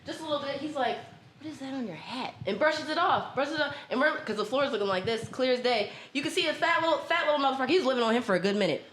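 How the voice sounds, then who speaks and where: A woman's voice: high-pitched, racing, hardly any pauses. A woman who owns a tattoo shop tells a profane story in casual talk and acts out the voices of the people in it. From Baltimore. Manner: animated, profane, acts out voices in her stories. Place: tattoo studio. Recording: echoey room, faint background noise.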